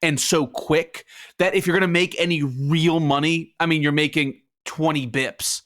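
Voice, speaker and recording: A man's voice: on the high side, fairly even intonation, moderate pace, a bit bright. A man co-hosting a podcast, talking loosely and swearing now and then. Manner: loose and profane, laughs along. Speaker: podcast co-host. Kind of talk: casual chat.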